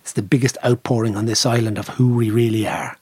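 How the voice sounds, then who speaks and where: A middle-aged Irish man telling a lively anecdote in casual conversation, swearing freely. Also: fairly low pitch, fast, slightly rough, no echo. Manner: lively storyteller, mimics drum sounds, swears casually.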